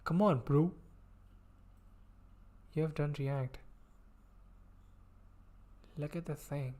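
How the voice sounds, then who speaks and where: A man's voice: fairly high pitch, drawn-out words, dark tone. A man streaming himself coding, thinking aloud as he reads code, with playful asides. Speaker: livestreamer learning web development. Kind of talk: casual coding livestream.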